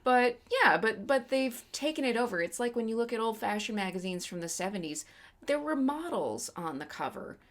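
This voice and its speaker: A woman's voice: fairly high pitch, animated, normal speed. A woman co-hosting a casual movie review podcast, opinionated and ranting, swearing freely. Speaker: podcast co-host.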